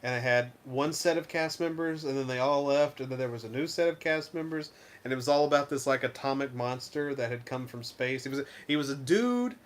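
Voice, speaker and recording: A man co-hosting a casual game review chat, rambling and animated, with frequent restarts. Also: medium pitch, fairly quick. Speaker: co-host of a game review show.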